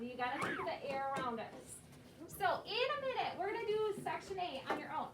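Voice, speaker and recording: This teacher's very high voice moves briskly with lively intonation as she patiently prompts a second grade class through a phonics lesson using questions and cues. Captured by a far-off camera, the recording is echoey, with classroom noise in the background.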